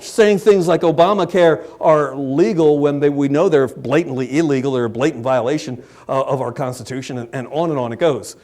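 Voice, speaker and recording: A man preaching a political sermon as a pastor, impassioned, swinging between loud emphatic peaks and low muttered asides. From Maryland, USA.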